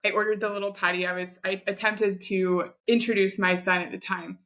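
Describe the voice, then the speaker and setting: A woman in her thirties, a podcast guest, telling her own story in a chatty, animated way. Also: medium pitch, a little fast. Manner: chatty, animated retelling with quoted asides. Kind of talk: conversational storytelling.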